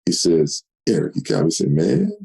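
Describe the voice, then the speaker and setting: A man in his sixties, a guest in an interview, telling stories with lively delivery and acting out quoted dialogue. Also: deep voice, fast, gravelly, rough recording. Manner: animated storyteller, acts out quoted dialogue. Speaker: guest, retired football player. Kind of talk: storytelling interview.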